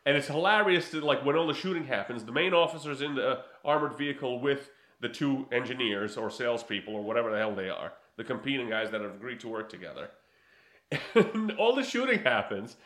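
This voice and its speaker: A man co-hosting a casual chat, telling a movie story with lots of laughter and quick character impressions. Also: mid-range voice, echoey room. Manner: animated storytelling, mimics characters, laughs often. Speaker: podcast co-host reviewing a movie.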